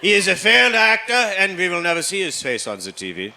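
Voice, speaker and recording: A man putting on a stern, angry father lecturing his son in a slow, emphatic, raised voice. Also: high voice, wildly swooping pitch, bright, forceful tone, a little hiss or hum, pitched above the performer's own voice, full character voice.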